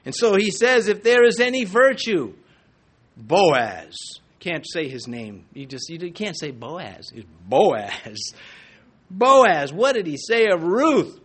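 Middle-aged pastor, animated sermon delivery, high, swooping voice. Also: male voice, moderate pace, few pauses. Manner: animated preaching with jokes and asides.

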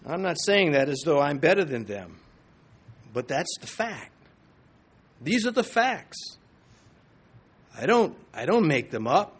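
A man with a high-pitched voice preaches a sermon from a church sanctuary. He quotes scripture with forceful, building intensity, pressing his points hard before easing back into plain talk. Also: big pitch swings, measured pace, pauses often, breathy edge. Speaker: pastor.

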